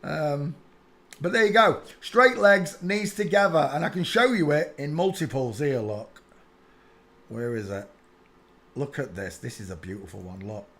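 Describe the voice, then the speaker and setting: A man rants casually in a high voice, mocking and bursting into laughter. His pitch jumps around animatedly, and he repeats short phrases like a chant. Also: expressive, a little slow, fairly bright tone. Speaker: online commentator. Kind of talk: casual mocking rant over pictures.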